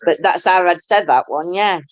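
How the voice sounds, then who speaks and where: A woman with a fairly low voice hosts a casual live-stream chat at a moderate pace, rambling along in a chatty way and breaking into frequent laughter. The recording has a dull, dry, lo-fi sound.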